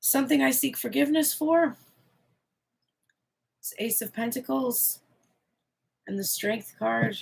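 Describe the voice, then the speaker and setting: Gravelly, husky woman reading tarot. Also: high voice, measured pace, long pauses. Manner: candid, expressive, swears freely. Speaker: tarot reader.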